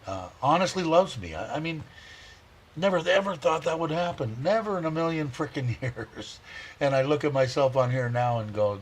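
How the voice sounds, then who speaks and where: A man's voice: fairly high pitch, lively intonation, normal speed, a little hiss or hum. Rambling heartfelt male livestream host. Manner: rambling, reads viewer comments aloud; heartfelt, chuckles often. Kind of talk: casual livestream chat.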